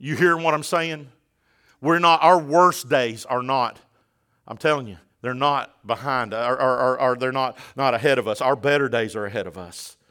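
A man's voice: medium pitch, normal speed, bright, forceful tone. A male pastor, preaching a sermon and calling out to his congregation, building in force as he goes. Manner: calls out to the congregation.

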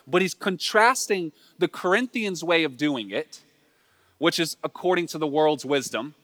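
A man, a pastor, preaching a sermon in a lively, joking, conversational way. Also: a little high. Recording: long reverb in a large hall.

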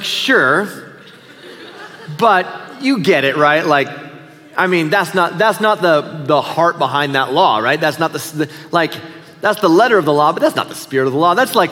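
Middle-aged male pastor, slightly high voice, relaxed storytelling sermon, long hall reverb. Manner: storytelling, conversational and self-deprecating.

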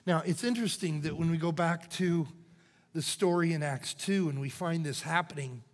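An older man preaching a sermon as pastor, moving from loud cries to hushed whispers. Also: a little high, normal speed. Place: church sanctuary. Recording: church hall reverb.

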